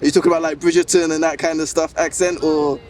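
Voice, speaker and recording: A man's voice: fairly high pitch, little pitch movement, fast, a little mellow. A man interviewing passers-by on a city street, firing off chatty, friendly questions.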